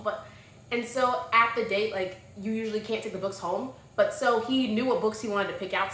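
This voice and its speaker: A young woman reviewing books in a casual chat, gushing and animated, dropping to soft murmurs and rising to loud exclamations. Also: a little high. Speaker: book vlogger. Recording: echoey room with faint noise.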